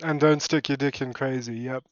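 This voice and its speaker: A man's voice: medium pitch, fairly even intonation, moderate pace. A man, streaming reaction commentary in a laid-back, chatty way and swearing casually. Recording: dull, dry home mic.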